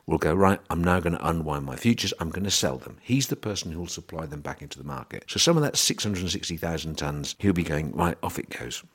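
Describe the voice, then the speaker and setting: Very low-pitched man, husky, chatty podcast host, wry asides. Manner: chatty, wry asides, acts out traders in quoted voices. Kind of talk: casual monologue explaining the grain market.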